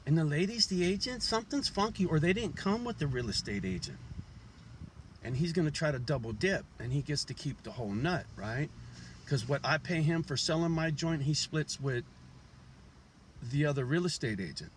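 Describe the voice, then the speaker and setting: A man's voice: on the high side, animated, normal speed, slight background noise. A man vlogging outside his house in a blunt, profane, rambling monologue full of street slang, chewing a toothpick as he talks. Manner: chewing a toothpick while talking. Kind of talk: casual rambling monologue to camera. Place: outside his house while it is being shown.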